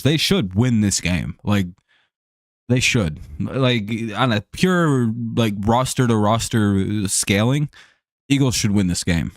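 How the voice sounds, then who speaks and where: A man's voice: mid-range voice, no echo, clean studio sound. A young man casually talking sports on a livestream, rambling and swearing with lots of fillers and restarts, answering viewers by name. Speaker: streamer hosting a sports chat show.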